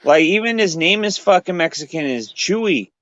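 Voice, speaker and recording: Dude doing a fast cussing stand-up comic bit, pitched up a bit, dull dry sound. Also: male voice, no room sound. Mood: mocking. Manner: quick, animated and profane. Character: loud excited male stand-up comedian.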